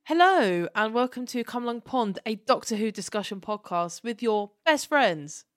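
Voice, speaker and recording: A woman's voice: a little high, lively intonation, moderate pace, faint music behind. Chatty, giggly woman podcast host. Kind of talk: casual chat. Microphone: studio podcast mic.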